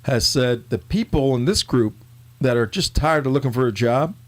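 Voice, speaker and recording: A man hosting a casual political talk show, joking and animated. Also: mid-range voice, normal speed. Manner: joking, animated, talks over co-host.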